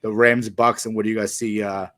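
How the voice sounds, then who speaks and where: A man's voice: lowish voice, level tone, fairly quick, fairly bright tone, dry recording, studio quality. A man hosting a casual sports podcast, recapping games hesitantly with many fillers and handing questions to his co-hosts. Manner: hesitant, filler-heavy, steers the talk with questions.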